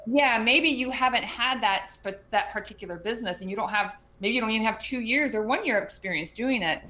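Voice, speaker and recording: Chatty, animated woman guest. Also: fairly high pitch, brisk. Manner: chatty and animated, with many fillers and restarts. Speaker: interview guest, educator and business mentor. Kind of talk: casual conversational interview.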